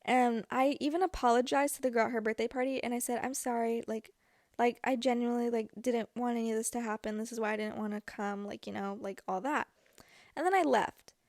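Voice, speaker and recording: A woman's voice: fairly high pitch, no echo, studio quality. A young woman hosting a podcast, telling a personal story in a chatty way with many fillers. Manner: chatty, filler-heavy, animated retelling. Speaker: podcast host. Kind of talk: casual storytelling.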